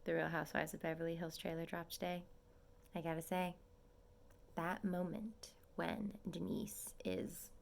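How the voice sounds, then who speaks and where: A young woman vlogging from her small apartment as a nursing student, chatting and gushing and often dropping into a soft whisper. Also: lowish voice, creaky. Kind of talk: casual vlog update.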